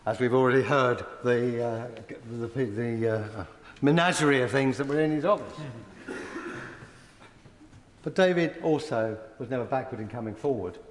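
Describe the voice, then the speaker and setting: An older man, a member of parliament, giving a tribute speech with warm, anecdotal storytelling and chuckles in a parliamentary chamber. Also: medium pitch. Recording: echoey hall with long reverb.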